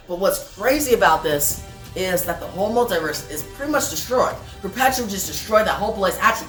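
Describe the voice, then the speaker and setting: A woman's voice: fairly low pitch, fairly bright tone. A woman casually reviewing a comic book and recapping its plot, chatty, with many fillers and asides to viewers. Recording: roomy, distant mic, faint music.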